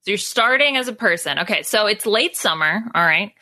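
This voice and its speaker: A woman host reading an adventure gamebook aloud to her friends in steady narration. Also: medium pitch, a little fast, dry recording.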